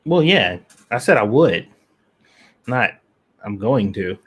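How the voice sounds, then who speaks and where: A man's voice: medium pitch, very animated, slow, a bit bright, breathy edge. Blunt, swearing male stream co-host. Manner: blunt, swears freely when ranting. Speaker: podcast co-host. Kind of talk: casual live-stream chat.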